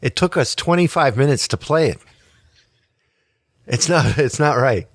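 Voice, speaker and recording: A man's voice: medium pitch, expressive, a little slow, no echo, clean studio sound. A man hosting a casual podcast chat, joking and teasing his co-host. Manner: teasing, jokey, prone to laughing fits.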